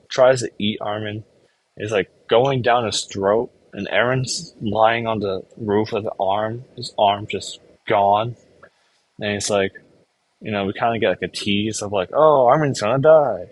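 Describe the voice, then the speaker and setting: A man casually recapping anime episodes in a rambling way, filling his talk with "like" and briefly acting out characters' lines. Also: fairly low pitch. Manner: rambling, filler-heavy, full of "like". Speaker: anime reviewer.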